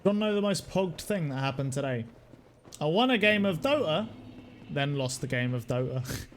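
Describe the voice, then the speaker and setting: A young British man streaming a game, rambling casually, swearing freely, laughing often and shouting at the game now and then. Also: fairly high pitch, lively intonation, moderate pace, a little hiss or hum. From United Kingdom. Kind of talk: casual live-stream chat while gaming.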